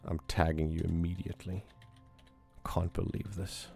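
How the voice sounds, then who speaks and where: A hoarse man who is losing his voice, hosting a casual livestream and teasing his chat in a playful, talkative way. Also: low voice, little pitch movement, normal speed, warm tone, soft background music. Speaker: livestream host.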